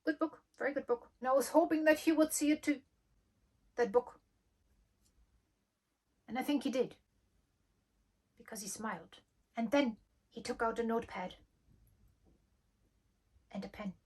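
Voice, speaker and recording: A young woman, hosting a storytime vlog and telling an anecdote in a lively way, acting out the dialogue. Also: on the high side, a little slow, pauses often. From Germany. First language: German. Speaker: channel host.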